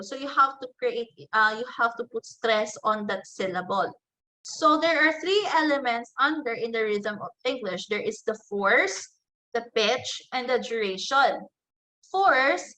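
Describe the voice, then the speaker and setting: A woman teaching an online class into a computer microphone. She talks at an unhurried pace with a bright, somewhat high voice. She pauses often with fillers and says each example word on its own. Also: poor audio. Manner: slow, explanatory, with frequent fillers and restarts; enunciates example words one by one.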